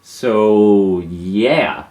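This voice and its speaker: A man's voice: fairly low pitch, very slow, darkish tone. A young man answering viewer questions in a casual, hesitant monologue, with many fillers and restarts.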